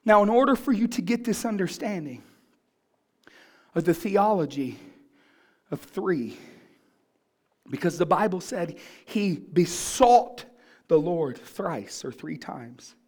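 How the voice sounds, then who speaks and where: A man's voice: high voice, expressive, takes it slowly, long pauses. A man pastor preaching a sermon, asking the congregation questions and building in fervor.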